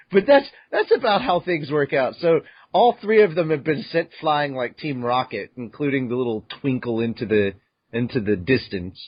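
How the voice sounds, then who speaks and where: A man's voice: medium pitch, expressive, moderate pace, no echo, muffled recording. A man hosting a podcast who recaps a manga chapter in casual chat, acting out his own reactions and swearing freely. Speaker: podcast host.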